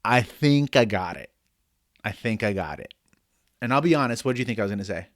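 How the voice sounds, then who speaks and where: A man's voice: on the low side, expressive, brisk, no room sound, studio quality. A man co-hosting a casual book-club podcast, joking, swearing and reading listener messages aloud. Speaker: podcast co-host.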